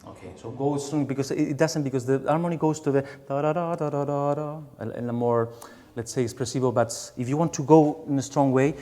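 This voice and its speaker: A man with a Spanish accent, a conductor coaching a singer in a master class, halting and searching for words, singing phrases to show what he means. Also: mid-range voice, steady tone, dark tone. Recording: hall reverb, faint room noise.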